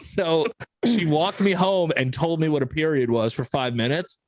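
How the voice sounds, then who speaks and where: A man's voice: on the high side, moderate pace, no room sound. Casual young man telling family stories. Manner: animated, acts out quotes, swears casually. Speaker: podcast co-host. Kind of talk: casual storytelling chat.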